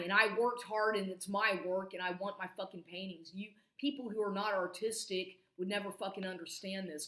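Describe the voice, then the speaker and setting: Woman vlogger, low-ish voice, agitated and profane, rambles and restarts; echoey room. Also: pushed and bright. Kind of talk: angry rambling personal story.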